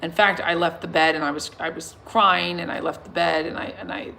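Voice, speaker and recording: Self-assured woman in her thirties, lower voice, emphatic casual vlog chat with faint noise behind. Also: steady tone, brisk, creaky. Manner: emphatic, self-assured, swings from soft to loud. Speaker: singer and vlogger addressing her followers. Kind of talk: casual livestream chat reading comments.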